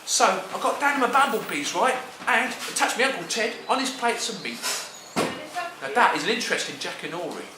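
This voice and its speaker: A man's voice: high-pitched, fairly quick, reverberant, background noise. A man with a Cockney accent telling a comic story in rhyming slang, chatty and peppered with "right" and "mate". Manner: chatty, full of "right" and "mate", jumps up into excited squawks.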